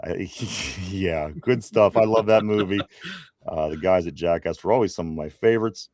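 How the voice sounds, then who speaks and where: A man's voice: sits low, moderate pace, darkish tone, no echo. A man co-hosting a casual live sports show, reading viewer comments and laughing often. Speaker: co-host.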